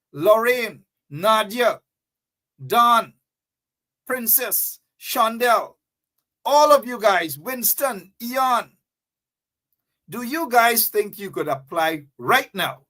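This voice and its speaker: A man's voice: very high voice, bright, forceful tone. Guyanese male host, impassioned live-stream commentator, preachy, repeats himself, names viewers one by one. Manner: preachy, repetitive, calls out viewers by name. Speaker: talk show host.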